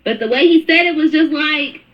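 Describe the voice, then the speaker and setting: A woman's voice: sits high, normal speed. A woman telling a story in casual storytime style, blunt and profane, acting out what people said. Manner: blunt, profane, animated retelling. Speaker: storyteller in a played clip. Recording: dull lo-fi clip with faint noise.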